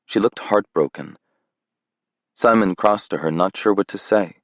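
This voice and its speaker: A man reading a romance audiobook in a measured, tender scripted narration. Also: fairly low pitch, dry recording.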